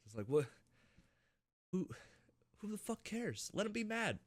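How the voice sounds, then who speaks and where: A man co-hosting a gaming podcast in casual chat, animated and profane, often laughing. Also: sits high, a little slow. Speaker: podcast co-host.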